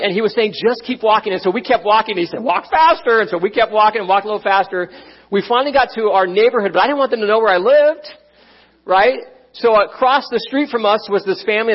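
High-voiced husky man preaching. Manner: conversational, frequent "right?" asides. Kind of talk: sermon with personal story. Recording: dull, muffled sound.

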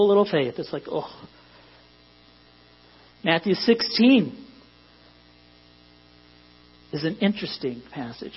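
In a dull, lo-fi recording marked by mains hum, a male pastor addresses his congregation. His voice is slightly high with a breathy edge, and his conversational sermon climbs into emphatic peaks.

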